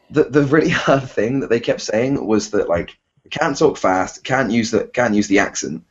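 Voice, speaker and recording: A man's voice: mid-range voice, expressive, normal speed, husky, muffled recording. A man with a Bristol English accent, hosting a casual podcast chat, rambling and self-deprecating with lots of fillers and restarts. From England. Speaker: podcast host.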